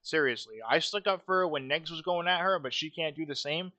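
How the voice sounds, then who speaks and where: A man's voice: fairly high pitch, brisk, bright, forceful tone. A man hosting a casual livestream, talking bluntly with lots of swearing and repeated phrases. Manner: blunt, profane, repeats himself. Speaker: livestream host.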